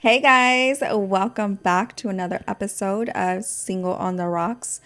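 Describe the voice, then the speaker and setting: A woman hosts a relaxed podcast conversation. She talks chattily and loosely, repeating words for emphasis and leaning on fillers. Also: medium pitch, measured pace, faint music behind. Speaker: podcast host. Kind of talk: casual chat.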